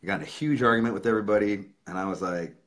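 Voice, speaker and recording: A man's voice: lowish voice, lively intonation, very fast. A man hosting his own livestream, telling an emotional story in a casual, profane way. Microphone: webcam or phone.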